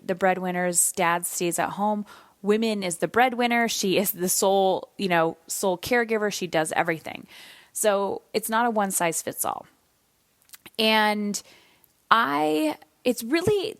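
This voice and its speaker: A woman's voice: mid-range voice, no echo. Tired, candid woman podcast host. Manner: candid, conversational, with some swearing. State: yawning, tired. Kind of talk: solo podcast monologue.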